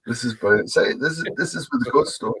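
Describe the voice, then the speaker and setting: A man's voice: medium pitch, big pitch swings, fast talker, background noise. A man teasing and mocking another panelist with sarcasm during live-stream banter. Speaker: panel guest.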